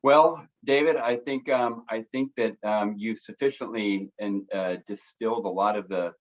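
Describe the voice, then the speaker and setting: A man with a fairly low voice hosts a conference call and sounds excited about the company's promotions. He pauses on fillers as he searches for words. The sound is dull and lo-fi, like a muffled call line. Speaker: company co-founder and call host. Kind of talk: conference call pep talk.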